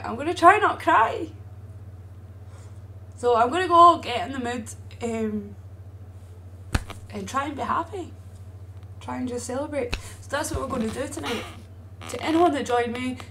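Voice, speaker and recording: High bright woman streaming. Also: lively intonation, normal speed, pauses often, slight background noise. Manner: chatty, blunt, swears freely. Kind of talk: casual live-stream chat. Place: home streaming setup. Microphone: streaming microphone.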